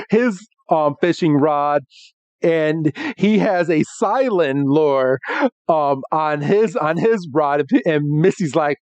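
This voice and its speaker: A man's voice: on the high side, darkish tone, no echo. A man co-hosting a podcast, retelling cartoon scenes in casual chat, laughing often and filling gaps with "um". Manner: giggly, frequent laughs and fillers while retelling scenes. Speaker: podcast co-host. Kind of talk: casual episode recap chat.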